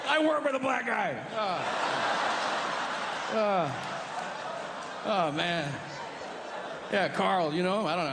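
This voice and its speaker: A man doing a stand-up comedy set, telling stories deadpan and acting out both sides of the conversations. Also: on the high side. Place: comedy club stage. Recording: live club stage mic, long hall reverb, audience noise.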